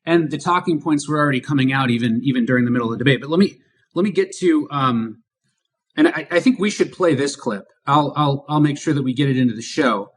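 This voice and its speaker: Talking fast in a medium-pitched voice with a breathy edge, this man co-hosts a political podcast, delivering emphatic commentary full of rhetorical questions.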